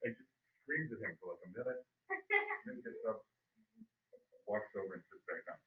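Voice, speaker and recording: A middle-aged male history teacher telling a story to his class, animated and acting out voices. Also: on the low side, moderate pace, creaky. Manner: animated, acts out voices, loud bursts. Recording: phone-like, echoey, distant mic.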